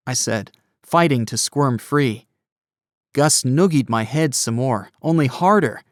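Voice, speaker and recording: A man narrating a first-person audiobook with expressive storytelling. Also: mid-range voice, measured pace, no echo, studio quality.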